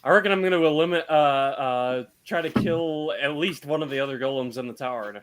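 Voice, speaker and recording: A man's voice: on the high side, brisk, a bit bright, a little hiss or hum. A man playing a tabletop game, hesitant and full of fillers. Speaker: player.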